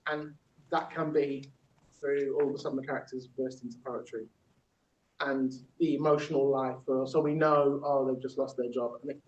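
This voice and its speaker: In a large echoey workshop room, captured in a roomy, distant, dull recording, a male facilitator teaches and performs a spoken-word poem. His medium-pitched voice has vocal fry and is a little mellow, and his talk is loose and chatty, full of fillers and restarts.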